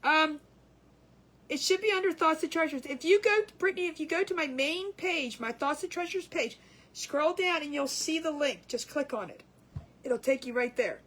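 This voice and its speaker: A woman's voice: high-pitched, animated, moderate pace, fairly bright tone. A woman hosting a casual craft livestream, chatty and giggly, rambling with restarts as she works.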